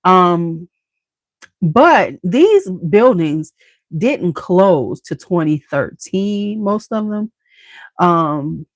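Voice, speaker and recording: A woman's voice: on the low side, no echo. A woman hosting a casual beauty livestream, chatting to her viewers and a bit congested. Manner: chatty, addresses viewers as y'all.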